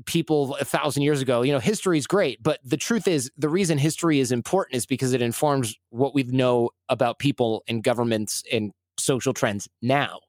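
A man's voice: mid-range voice, brisk, hardly any pauses, no echo, clean studio sound. A man from Michigan in his forties, talking as a guest in a casual, rambling and self-deprecating way. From Michigan, USA. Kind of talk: casual conversational storytelling.

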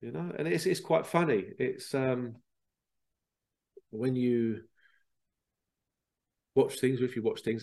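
A man's voice: mid-range voice, mellow. A man hosting a solo podcast, rambling along, repeating words and asking rhetorical questions. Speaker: podcast host. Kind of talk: casual solo podcast monologue.

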